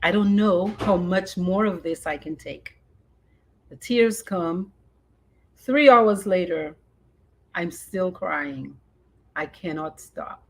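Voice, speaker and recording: A woman in her fifties, a podcast host, reads a personal memoir in an expressive way and then chats casually, dropping in Creole phrases. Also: lowish voice, takes it slowly, pauses often, slight background noise.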